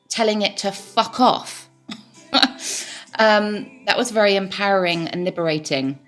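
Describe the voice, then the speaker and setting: A woman's voice: medium pitch, a bit bright. A woman in her forties, a life coach, talking candidly and reflectively about her own experience, with plenty of fillers and restarts. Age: 40s. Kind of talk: reflective personal talk.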